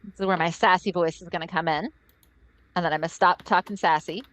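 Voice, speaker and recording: A woman's voice: on the low side, fairly even intonation, a little fast, fairly bright tone. A woman trainer giving an upbeat, chatty webinar presentation over a computer mic on a video call. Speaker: assistive technology trainer.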